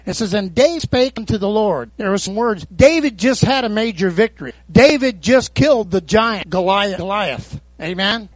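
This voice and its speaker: A man's voice: sits high, fairly bright tone, no room sound. A man preaching a sermon in a call-and-response style, peppering his talk with amens and hallelujahs. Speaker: pastor.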